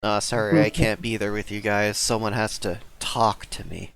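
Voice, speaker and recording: Male player, low and gravelly, blunt, foul-mouthed. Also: fairly even intonation, normal speed, crowd noise. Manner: swears constantly, loose and blunt. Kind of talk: casual chat at a game table.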